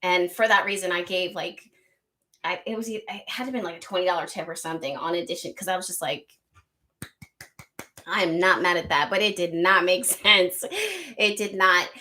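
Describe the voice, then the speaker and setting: A woman hosting a casual live chat with viewers, talking loudly and projecting, laughing often and chatty. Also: lowish voice, fairly even intonation, fairly quick. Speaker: tarot reader and live stream host. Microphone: desk microphone.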